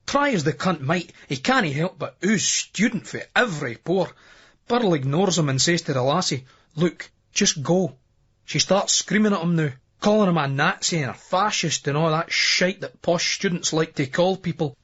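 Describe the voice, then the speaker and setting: A Scottish man reading a novel aloud in first person, brisk and earthy, with plenty of swearing. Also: on the high side, expressive, a bit bright, breathy edge. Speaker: audiobook narrator. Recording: dull lo-fi remastered audiobook.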